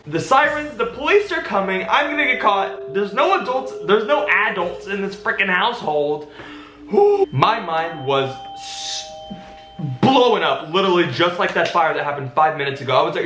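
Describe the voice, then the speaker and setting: A young man in a casual storytime vlog, telling a story in an animated, dramatic way. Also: sits high, roomy sound. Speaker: vlogger.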